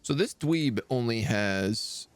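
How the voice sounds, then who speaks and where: A man's voice: mid-range voice, expressive, slow pace, smooth, soft background music. A man streaming a strategy game, thinking aloud in casual, chatty live commentary.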